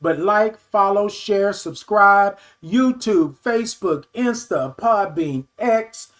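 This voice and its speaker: A man in his fifties hosting a casual livestream talk show, reading viewer comments aloud and answering them in an animated, affectionate way. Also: high voice, slow pace. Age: 50s. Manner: animated, affectionate, calls viewers baby and y'all.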